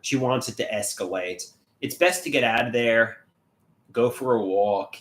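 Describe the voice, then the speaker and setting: A man's voice: medium pitch, measured pace, a bit bright. Rambling man livestreaming in an echoey room. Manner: rambling, repeats and restarts words. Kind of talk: casual livestream chat reading comments.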